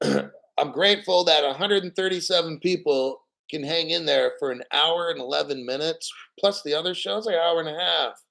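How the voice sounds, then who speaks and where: A hoarse man hosting a livestream, talking in a blunt, profane, rambling way and clearing his throat often. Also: a little high, expressive, moderate pace, bright, forceful tone, rough recording. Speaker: livestream host. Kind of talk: casual livestream talk.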